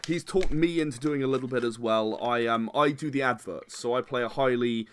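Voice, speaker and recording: A man's voice: mid-range voice, brisk, smooth. A man being interviewed as a game designer in a casual podcast chat, rambling and hedging with lots of restarts. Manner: rambling, hedges with many "sort of"s and restarts.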